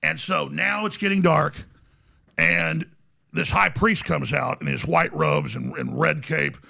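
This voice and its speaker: Casting note: a rambling studio guest with a very gravelly, bright voice. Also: male voice, on the high side, big pitch swings, unhurried. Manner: rambling, restarts, acts out voices. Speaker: podcast guest. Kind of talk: animated storytelling.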